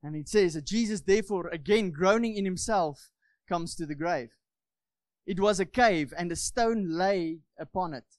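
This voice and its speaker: Fervent preacher, high voice. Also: male voice, moderate pace, no echo. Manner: fervent, repeats phrases, asks the congregation for amens. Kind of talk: sermon.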